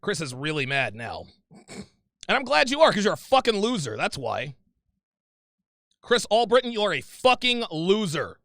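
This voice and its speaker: A man's voice: high-pitched, wildly swooping pitch, moderate pace, gravelly, long pauses, a bit bright, no echo, clean studio sound. A man hosting a livestream, reading viewer super chats and answering them in a heated, profane, confrontational rant, repeating himself often.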